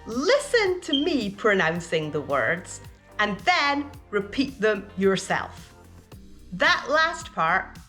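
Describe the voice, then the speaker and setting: A woman teaching English pronunciation, speaking slowly and deliberately and enunciating each word carefully so learners can repeat it. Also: medium pitch, fairly bright tone. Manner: clear, careful enunciation of single words. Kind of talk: slow, deliberate teaching with pauses for repetition.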